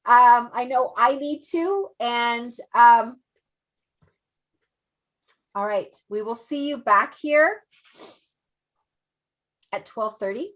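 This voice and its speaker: A woman's voice: on the high side, extremely slow, pauses often, a bit bright. Gushing, effusive woman host. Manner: gushing, effusive, repeats herself. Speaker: event host. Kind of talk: emotional online event hosting.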